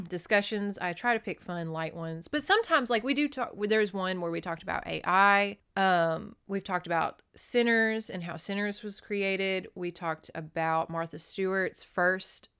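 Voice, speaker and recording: A woman hosting a podcast, recapping a book in casual chat; animated and profane, laughing often. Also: mid-range voice, unhurried, clean tone. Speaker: podcast host.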